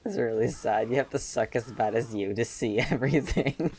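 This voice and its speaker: A man's voice: mid-range voice, a little mellow, slightly rough. A man as guest co-commentator on a let's-play, teasing and dry. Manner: teasing, dry, quick to laugh. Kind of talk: casual gameplay commentary.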